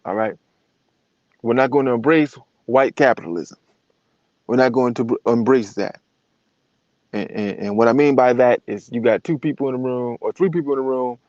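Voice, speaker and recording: A man's voice: medium pitch, moderate pace, pauses often, a little mellow, dry recording, highs cut off. A man giving a blunt, profane monologue to camera, acting out other people's voices as he talks.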